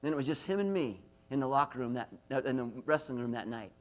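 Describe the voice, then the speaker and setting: This animated, fast-talking motivational speaker, a middle-aged Idahoan with a medium-pitched voice, lectures at a university. He pokes fun at himself through stories and keeps asking the audience questions.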